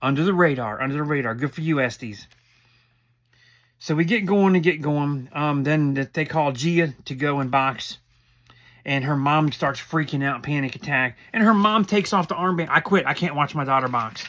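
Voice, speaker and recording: A man's voice: a little high, moderate pace, a bit bright. A middle-aged man giving a rambling, opinionated recap of a reality show, often acting out what the people said. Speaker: recap commentator. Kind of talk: casual show recap commentary.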